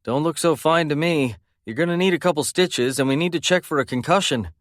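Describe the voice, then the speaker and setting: A man voicing a calm male paramedic who talks in an easygoing, matter-of-fact way. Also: fairly high pitch, a little fast, dry recording, studio quality, pitched above the performer's own voice, close to an everyday voice. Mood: wry calm.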